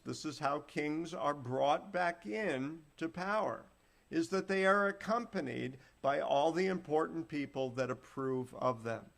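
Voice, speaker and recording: Gravelly-voiced man teaching scripture. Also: fairly high pitch. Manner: retells scripture in plain folksy words, acting out the quotes. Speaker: preacher. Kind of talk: Bible teaching sermon.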